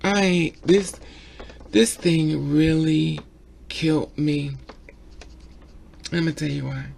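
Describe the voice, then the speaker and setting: A man with a rough, gravelly voice that sits a little high for a man. He talks through a documentary in an emotional vlog, circling back on his points and tripping over his words when he gets worked up. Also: steady tone, slow pace, darkish tone, slight background noise. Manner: emotional, repetitive, stammers when upset. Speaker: vlogger reviewing a documentary.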